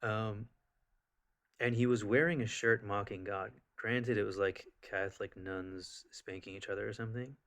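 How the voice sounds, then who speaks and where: Speaking straight to camera at a normal speed, a vlogger with a somewhat low voice tells a personal story. He rambles and restarts, packs in fillers, and grows animated as he goes.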